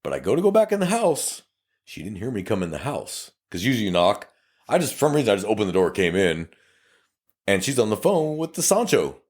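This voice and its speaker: South Texas man, cop co-host, low voice, lively and swearing, acts out both sides of the scene. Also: brisk. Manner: profane, animated, acts out dialogue. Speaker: podcast co-host, police officer. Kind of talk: casual storytelling chat.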